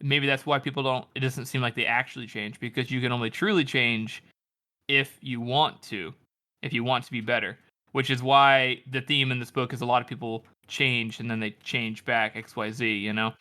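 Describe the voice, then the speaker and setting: A man's voice: medium pitch, steady tone, normal speed, bright, forceful tone. A man co-hosting a podcast, thoughtfully discussing a novel with many restarts. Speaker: podcast co-host. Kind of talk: casual book discussion.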